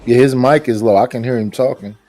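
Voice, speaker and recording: A man from Oakland, California, teasing and animated in casual live-stream chat. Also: medium pitch, brisk.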